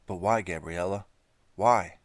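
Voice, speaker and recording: A man's voice: deep voice, a little slow, no room sound. A man reading an audiobook, voicing a frightened teenage girl held captive, pleading and stammering.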